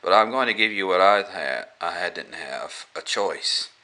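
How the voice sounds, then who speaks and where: A man retelling a film scene and quoting a smooth, menacing male vampire in a near-everyday voice. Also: low-pitched, animated, normal speed, bright, forceful tone, heavily acted. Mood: threatening.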